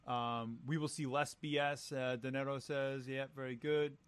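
A man's voice: mid-range voice, little pitch movement, moderate pace, smooth. A man leads a loose online panel chat about wrestling, with a mid-range voice. He gives short, repeated affirmations and hands the mic to each guest in turn. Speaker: show host.

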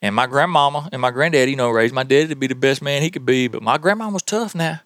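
A man with a Southern US accent hosting a podcast, telling tall tales in a folksy, animated way. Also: mid-range voice, quick pace, dry recording, studio quality. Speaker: podcast host. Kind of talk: tall-tale storytelling.

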